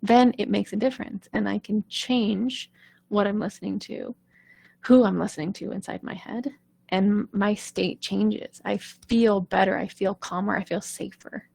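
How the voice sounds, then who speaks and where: A woman's voice: mid-range voice, steady tone, a little slow, gravelly, darkish tone, breathy edge. A woman singing coach giving an earnest, conversational talk in a live online session, often checking in with "right?".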